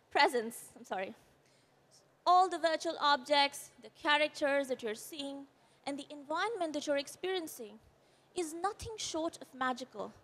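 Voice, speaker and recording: On a conference stage, a woman from India with an Indian English accent gives a presentation talk in a high, slightly bright voice. She sounds shaken, her voice quivering, yet she explains earnestly and offers brief apologies.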